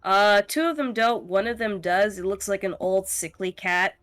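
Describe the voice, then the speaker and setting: A woman's voice: mid-range voice, a bit bright, soft background music. A woman as dungeon master, improvising in a rush and swearing often. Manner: frantic, sweary, rushing to improvise. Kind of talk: running a tabletop game over voice chat.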